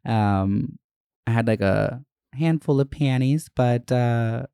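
A young adult podcast host telling a personal story in casual, profane monologue, acting out the other people in higher voices. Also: slow, gravelly, dark tone, clean tone, dry recording, clean studio sound.

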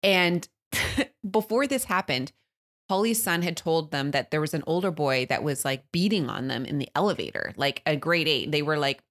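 A woman, co-hosting a podcast, telling a story in an animated way, laughing often and acting out loud quotes. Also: low voice, moderate pace. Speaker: podcast co-host. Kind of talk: casual storytelling chat.

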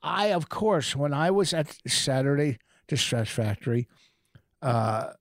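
A man's voice: medium pitch, lively intonation, unhurried, no room sound, studio quality. A male comedian co-hosting a podcast, swearing and talking over his co-host as he insists on finishing his story. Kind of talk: argumentative podcast banter.

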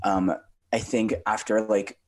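A guest actor talking in a casual podcast chat, reflective and chatty with many filler words. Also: male voice, lowish voice, level tone, unhurried.

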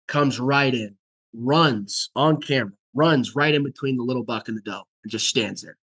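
A young man with a husky, slightly rough voice tells a story in relaxed, casual talk. He acts out the dialogue as he goes and drops into hushed whispers for the quiet moments. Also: mid-range voice, moderate pace. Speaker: podcast guest.

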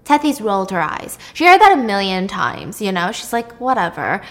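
A young woman casually retelling a myth, lively and irreverent, with casual swearing. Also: medium pitch, normal speed. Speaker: storyteller.

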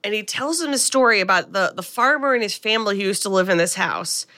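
A woman's voice: mid-range voice, animated, fast talker, pushed and bright. A woman co-hosting a comedic podcast, animatedly retelling a movie's scenes and laughing at them. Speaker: podcast co-host. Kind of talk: casual comedic movie recap.

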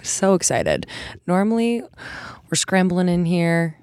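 Young woman, podcast host, bubbly, giggly, somewhat low voice, dry close sound. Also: expressive, takes it slowly, darkish tone, no room sound. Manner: bubbly, giggly, loose swearing. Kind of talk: casual podcast chat.

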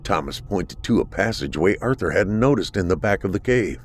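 A man narrating a horror story with steady, dramatic delivery. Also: sits low, a little fast.

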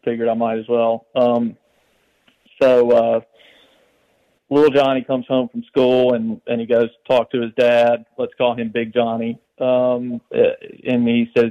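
A male caller telling a joke on a call-in show, halting and hesitant. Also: mid-range voice, level tone. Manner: halting, hesitant, with many fillers. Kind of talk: casual phone-in joke telling. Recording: dull lo-fi phone line.

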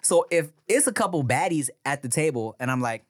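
A man co-hosting a podcast, reacting to a story and chiming in with quick comments in casual chat. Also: a little high, lively intonation. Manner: responsive listener, short reactions and quick comments. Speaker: podcast co-host. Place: podcast studio.

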